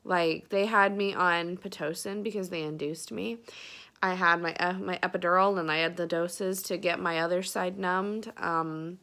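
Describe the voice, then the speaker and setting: A woman's voice: fairly low pitch, fairly even intonation, moderate pace, bright, forceful tone. A young woman tells a personal story to the camera, close to tears and full of fillers. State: tearful. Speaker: vlogger.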